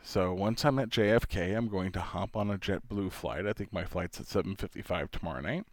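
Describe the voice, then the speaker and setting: A man's voice: low voice, brisk, no echo. A man from New York hosting a casual solo podcast, rambling and chatty and laughing often. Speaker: podcast host, father.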